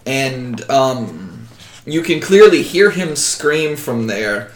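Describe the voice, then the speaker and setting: A man's voice: medium pitch, very animated, takes it slowly. A man acting as game master and podcast host, narrating a tabletop game in a casual, joking way and swearing freely. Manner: casual, swears freely, laughs between descriptions.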